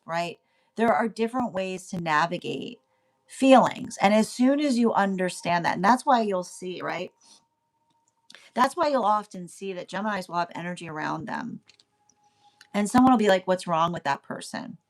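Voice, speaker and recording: A woman's voice: mid-range voice, lively intonation, normal speed. A young woman talks through a tarot reading in a loose, chatty way. She keeps asking "right?" and breaks into laughter again and again. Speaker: tarot reader. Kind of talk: casual tarot reading monologue.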